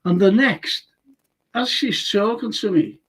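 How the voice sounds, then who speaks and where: A man's voice: high voice, expressive, slow pace, fairly bright tone, husky. An older man hosting a casual chat show, rambling through anecdotes with lots of fillers. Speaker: show host.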